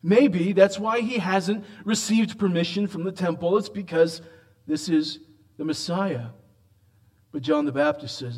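Preacher, male, fairly high-pitched, emphatic, big swings from loud to hushed. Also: expressive. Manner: emphatic, swings between loud raised lines and quiet low asides; drawn-out slow emphasis on quoted lines. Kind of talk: expository sermon.

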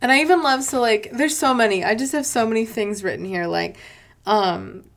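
A woman's voice: fairly high pitch, moderate pace, vocal fry. A woman co-hosting a casual chat, gushing about a movie and acting out its lines. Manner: gushing, quotes movie lines in put-on voices. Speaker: podcast co-host.

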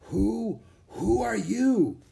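A man reading an audiobook, voicing a weary older knight with a hoarse, breathy voice who speaks slowly and weakly. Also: high voice, expressive, dark tone, pitched above the performer's own voice, heavily acted. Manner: slow, weak and gasping. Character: weary, rough-faced older male knight.

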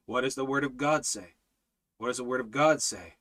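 A man's voice: medium pitch, moderate pace, a bit bright. A man teaching a livestreamed Bible study in an emphatic, repetitive preaching cadence, reading out viewer comments as he goes.

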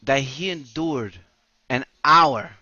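A man, telling crude stories on a comedy podcast, animated and profane, laughing often. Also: mid-range voice, slow, no room sound, muffled recording. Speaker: podcast co-host.

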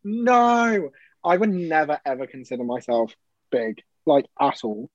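A man's voice: on the high side, very animated, unhurried, no room sound, muffled recording. A young man from Wales, his accent worn down towards a posh English one, chatting as a podcast guest over a video call in a dramatic, self-mocking way. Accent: Welsh with a softened posh English edge. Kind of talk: casual chat on a video call. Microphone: video call laptop mic. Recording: noisy video call line.

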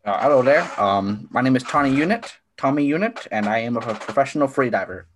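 A man playing a clueless free diver with an odd accent, talking in a halting, hesitant way. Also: mid-range voice, lively intonation, crowd noise, close to an everyday voice. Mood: bumbling. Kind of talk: improvised comedy character.

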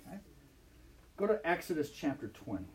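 A man preaching a sermon in an animated way, often checking in with his listeners as he teaches. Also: a little high, a little fast, a little hiss or hum. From Michigan.

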